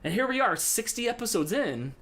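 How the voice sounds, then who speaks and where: A man's voice: very high voice, sing-song, fairly bright tone. A man hosting a live trivia stream, chatting casually with a playful, joking manner. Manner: playful, quick to joke and praise. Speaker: game show host.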